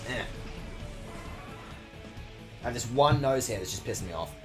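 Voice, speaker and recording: A man's voice: mid-range voice, animated, normal speed, music in the background. A man streaming a game with sweary, jokey commentary. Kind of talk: casual gaming commentary.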